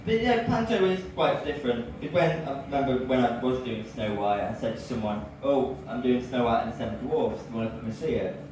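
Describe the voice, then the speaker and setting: An English man performing a lively stand-up set, telling stories and now and then bursting into loud cries. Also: mid-range voice, a little fast, hardly any pauses. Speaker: stand-up comedian. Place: comedy club with audience. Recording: echoey room from far off, audible noise.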